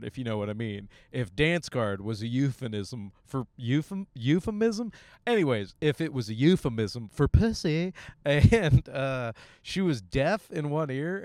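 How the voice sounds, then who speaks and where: His voice is smooth, with no room sound. He's a young stand-up comic from Michigan hosting his own podcast on a bus, casually rambling crude jokes and getting animated with sudden high-pitched moments.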